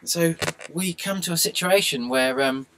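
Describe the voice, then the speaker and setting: Rambling excitable man. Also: a little high, measured pace, slight background noise. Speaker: video blogger. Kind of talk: rambling monologue.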